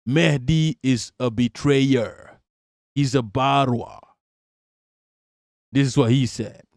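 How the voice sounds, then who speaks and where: A man's voice: medium pitch, slow pace, a little mellow, no room sound, studio quality. A man live-streaming as host, reacting to political clips in heated, profane commentary and repeating lines for emphasis.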